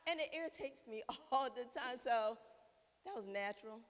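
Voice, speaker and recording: A woman's voice: a little high, animated, normal speed. A middle-aged woman, an actress on a premiere panel, speaking plainly with frequent laughs. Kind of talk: casual panel talk. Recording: echoey hall with faint hiss.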